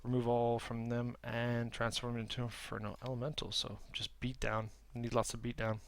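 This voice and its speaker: A man's voice: medium pitch, monotone, fairly quick, vocal fry, a little hiss or hum. A man streaming a card game, giving casual commentary and reading card texts aloud. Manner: muttering, reading cards aloud.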